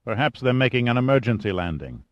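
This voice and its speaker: A man's voice: medium pitch, very animated, quick pace, no echo, lo-fi sound, close to an everyday voice. A man voicing a practical male scientist who talks plainly and directly.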